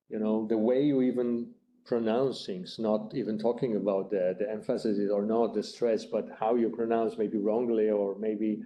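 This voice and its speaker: A man's voice: medium pitch, warm tone, slight background noise, low-quality recording. A male lecturer giving a live lecture and taking questions, speaking hesitantly with many fillers and restarts. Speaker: university lecturer.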